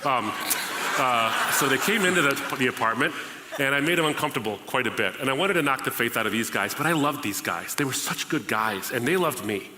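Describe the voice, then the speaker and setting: A man's voice: medium pitch, animated, a little fast, noisy background. A man from the United States, hosting his podcast and telling his personal testimony in a conversational way, acting out past conversations. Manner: conversational, re-enacts past dialogues. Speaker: podcast host. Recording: reverberant hall.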